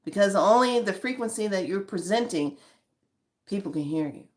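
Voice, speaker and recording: A woman's voice: medium pitch, expressive, normal speed. A woman giving spiritual guidance in an emphatic, conversational way, addressing her listeners directly as honey. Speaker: spiritual guide.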